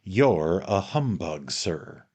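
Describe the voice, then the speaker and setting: A man reading aloud and voicing a stern, dignified elderly gentleman who speaks emphatically and deliberately. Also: mid-range voice, very animated.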